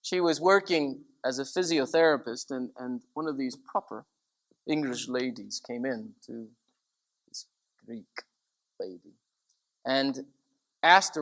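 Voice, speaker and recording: A man's voice: mid-range voice, a little slow. Conversational storytelling priest, man. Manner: conversational, animated when quoting. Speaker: Orthodox priest. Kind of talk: sermon talk, storytelling.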